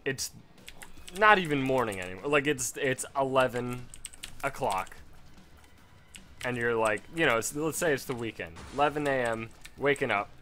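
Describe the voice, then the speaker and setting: A man's voice: mid-range voice, expressive, normal speed, pauses often, bright, forceful tone, soft background music. A man giving casual gameplay commentary from home at a desk mic, rambling into a profane story. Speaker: let's play gamer.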